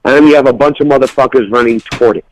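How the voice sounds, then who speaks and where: A man's voice: mid-range voice, very fast, poor audio. A man from New York co-hosting a talk radio show, blunt, profane and opinionated in casual banter.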